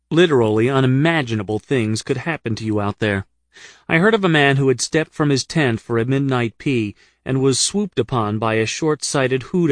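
A man's voice: medium pitch, no echo. A man narrating his own comic travel memoir in a dry, wry storytelling manner, read close to the microphone. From United States. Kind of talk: first-person audiobook narration.

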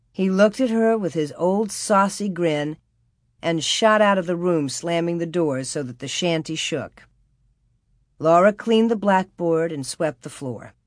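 Calm woman reading a storybook aloud. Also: lowish voice, dry recording, studio quality. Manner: calm, measured, expressive reading. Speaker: audiobook narrator. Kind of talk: storybook narration.

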